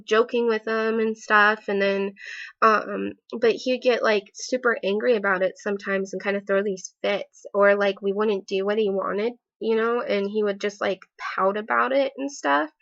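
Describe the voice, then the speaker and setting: A woman's voice: mid-range voice, gravelly, fairly bright tone. A woman recounting a personal story in a casual vlog, hesitant, with many fillers and restarts. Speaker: vlogger. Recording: slightly dull lo-fi audio.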